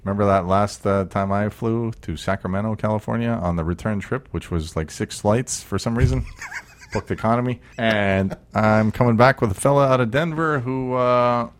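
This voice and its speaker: A man's voice: on the low side, normal speed, slight background noise. A man, co-hosting a podcast and telling jokes and teasing stories in banter. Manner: wisecracking, teasing storyteller. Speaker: podcast co-host. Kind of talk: casual chat, joking banter.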